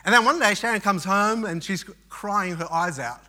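High, bright-voiced man preaching a sermon. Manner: storytelling, halting with many restarts and fillers. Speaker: pastor.

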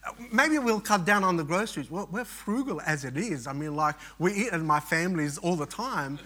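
A man's voice: on the high side, lively intonation, brisk, pushed and bright. A middle-aged man pastor preaching, telling a personal story with frequent restarts and fillers. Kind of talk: sermon.

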